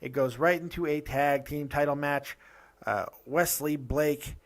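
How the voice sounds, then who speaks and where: A man hosting a casual wrestling review show, ranting with quick asides and restarts. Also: on the high side. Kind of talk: casual opinionated review talk.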